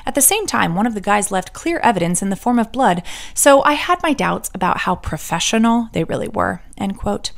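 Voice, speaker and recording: A woman's voice: medium pitch, sing-song, brisk, gravelly. A woman hosting a true crime podcast, telling the story with sarcastic asides and the odd whispered joke. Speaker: podcast host.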